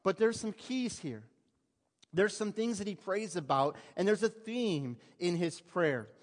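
A man's voice: sits high, animated, unhurried. A man preaching a sermon to a church congregation, talking conversationally and asking the listeners rhetorical questions. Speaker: pastor. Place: church sanctuary. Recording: long reverb of a church hall.

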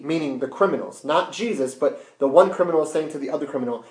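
A man's voice: fairly high pitch, fast, few pauses. Emphatic male pastor preaching. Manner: emphatic, rhetorical questions, dramatic hushed drops. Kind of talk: sermon. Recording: roomy echo.

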